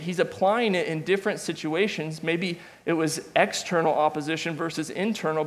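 A man's voice: high voice, a bit bright. A man teaching a Bible study class in a conversational way, with restarts and asides. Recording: long reverb of a large room.

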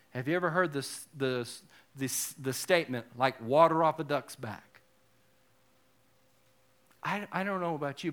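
Animated, lively-voiced male pastor. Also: sits high, smooth. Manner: animated, joking, self-deprecating asides. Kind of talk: sermon.

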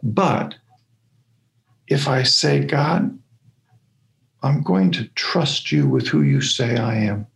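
A man giving a sermon-style talk, telling his story in a halting way with repeated words and lively acted-out asides. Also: mid-range voice, vocal fry, roomy sound. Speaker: speaker.

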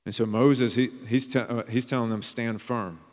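A man preaching a sermon as a pastor, earnest and plain-spoken, sometimes dropping to a hushed storytelling tone. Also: medium pitch, fairly even intonation, moderate pace. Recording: long reverb of a large hall.

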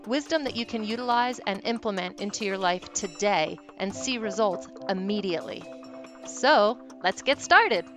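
A woman's voice: mid-range voice, expressive, normal speed, music in the background. A woman hosting a wellness talk, telling a candid, self-deprecating personal story. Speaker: wellness teacher and host.

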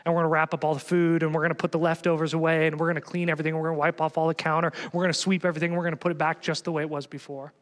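A man's voice: on the high side, level tone, racing, few pauses, big-room sound. A man preaching a sermon as pastor, telling a story with lots of energy and acting out both sides of the conversation.

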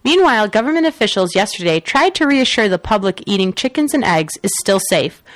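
A woman's voice: mid-range voice, no room sound. A woman co-hosting a talk radio show, reading news stories with sarcastic, opinionated asides and a cackling laugh.

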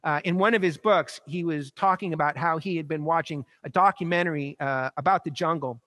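A man's voice: fairly quick, no room sound. Man preaching with rising, emphatic peaks. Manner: rising to emphatic peaks, then dropping soft and low; repeats phrases for rhetorical effect. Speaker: pastor. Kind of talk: sermon.

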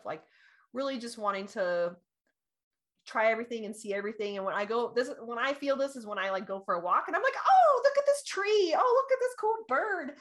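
A young adult woman co-hosting a casual chat, bubbly and animated, laughing often and acting out her own past reactions. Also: medium pitch.

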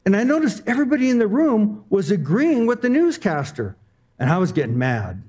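High-voiced man preaching casually. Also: wildly swooping pitch, brisk, darkish tone, husky. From Arizona. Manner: conversational, self-deprecating storytelling. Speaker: pastor. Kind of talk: sermon with personal stories.

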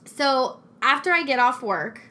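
A woman's voice: high voice, a little slow. A young woman telling a personal story in casual chat, acting out what people said. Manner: animated storytelling, acting out quotes.

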